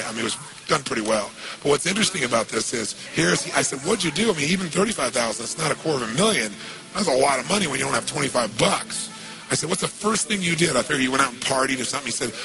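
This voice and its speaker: Gravelly man telling a story. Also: mid-range voice, low-quality recording. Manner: lively, acts out quoted dialogue, asks the audience questions. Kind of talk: storytelling to an audience.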